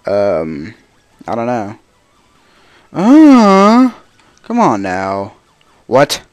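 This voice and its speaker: A man's voice: on the low side, expressive, takes it slowly, dry recording. Grumbling man narrating his gameplay. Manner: frustrated, grumbling to himself. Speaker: let's play host. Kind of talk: casual gameplay commentary.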